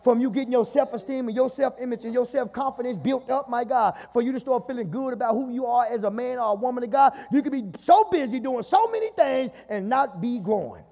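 A Southern US pastor preaches to his church in a very high, husky voice with a mellow, dark color. He keeps breaking in with "my God" and calls out to the congregation. The sound carries a long hall reverb. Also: expressive, fairly quick, few pauses. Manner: call-and-response preaching, repeats "my God". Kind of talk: sermon. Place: church sanctuary.

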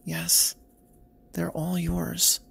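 Man reading a gentle young girl reassuring her friend: slow and husky. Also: fairly high pitch, monotone, exaggerated voice.

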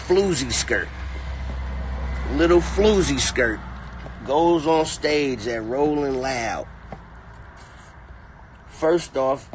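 A man's voice: mid-range voice, slight background noise. Man ranting mockingly in a car. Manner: mocking, animated, repetitive. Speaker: comedic commentator. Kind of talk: profane comedic rant.

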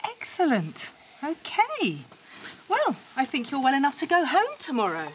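A woman's voice: high voice, huge pitch swings, normal speed, slight background noise. A woman playing a friendly, caring hospital nurse in a children's live-action TV drama. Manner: gentle, encouraging.

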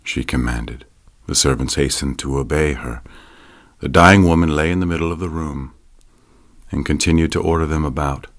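Deep-voiced male audiobook narrator. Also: normal speed. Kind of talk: scripted narration.

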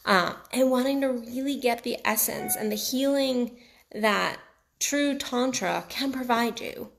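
Gravelly-voiced coach with a New York-Texas accent. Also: female voice, fairly high pitch, a bit bright. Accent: mixed New York and Texas. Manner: blunt, casual, swears freely, repeats for emphasis. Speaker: sex and relationship coach. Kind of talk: motivational direct-to-camera talk.

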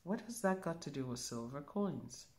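A woman spiritual teacher giving a calm demonstration, musing aloud and humming softly as she thinks. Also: sits low. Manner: slow, musing, thinks aloud with soft hums.

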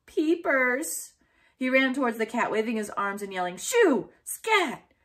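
A woman voicing a young boy who keeps chickens, urgent and shouting as he reads aloud from a children's storybook. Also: fairly high pitch, fast talker, close to an everyday voice.

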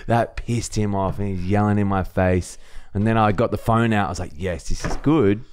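A man's voice: on the low side, steady tone, fairly quick, clear, resonant tone. A young Australian man, a podcast co-host, telling stories in casual chat, swearing freely and laughing often.

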